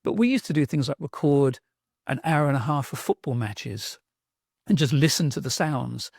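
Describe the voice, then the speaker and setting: A man's voice: mid-range voice, lively intonation, moderate pace, creaky, a little mellow, breathy edge, no room sound, clean studio sound. A middle-aged man with a South London accent, telling stories with enthusiasm and a reflective manner in a podcast interview. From England. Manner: enthusiastic, reflective storyteller with restarts. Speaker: guest, sound artist.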